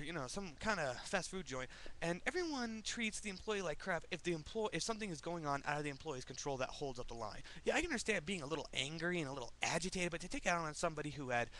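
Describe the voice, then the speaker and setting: A man's voice: a little high, sharp tone, slight background noise. A young American man ranting angrily in a profane, confrontational political vlog. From United States. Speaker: vlogger. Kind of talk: angry political rant vlog.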